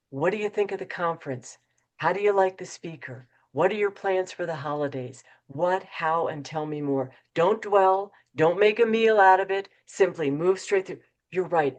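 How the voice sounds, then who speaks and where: A middle-aged woman giving a motivational webinar talk, acting out quoted dialogue with lively shifts in her voice. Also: low-pitched. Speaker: keynote speaker.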